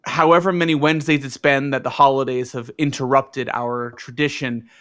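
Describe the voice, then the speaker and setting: A man's voice: mid-range voice, fairly even intonation, moderate pace, a bit bright, clear, resonant tone. A man co-hosting a podcast, chatting casually and narrating with sarcastic jokes. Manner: joking, sarcastic. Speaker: podcast co-host.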